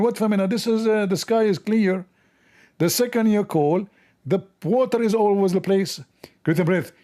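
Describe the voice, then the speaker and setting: A man putting on the voice of a pompous, defensive male preacher, mocking and indignant. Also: a little mellow. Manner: mocking, indignant, high-pitched.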